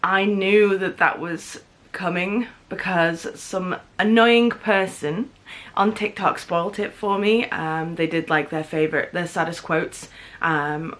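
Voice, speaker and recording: A woman's voice: fairly low pitch, fairly bright tone. Chatty young woman vlogging about books. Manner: chatty and gushing, with fillers and laughs. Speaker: book vlogger. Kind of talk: casual vlog chat. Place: home, in pajamas.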